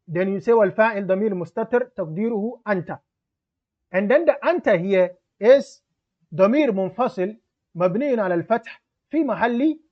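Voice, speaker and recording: A man teaching grammar, reading example sentences aloud and explaining each one in English. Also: sits high. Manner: reads Arabic text aloud, then explains it in English. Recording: dull lo-fi sound.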